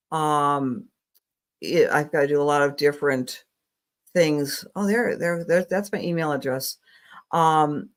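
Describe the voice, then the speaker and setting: A middle-aged woman astrologer gives psychic readings on a live stream in a low voice. She is affectionate and rambling, using lots of filler words.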